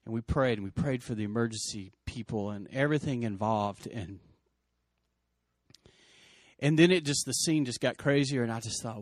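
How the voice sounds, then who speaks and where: A man's voice: medium pitch, moderate pace, pauses often, no echo, studio quality. Earnest man retelling a roadside crash. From West Texas. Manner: earnest, emotional retelling with many restarts. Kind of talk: personal storytelling.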